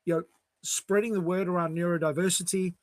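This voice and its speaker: A man's voice: high voice, fairly even intonation, a little fast. A man hosting a casual online chat, talking in a chatty, upbeat way over a video call. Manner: chatty, upbeat sign-offs. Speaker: host.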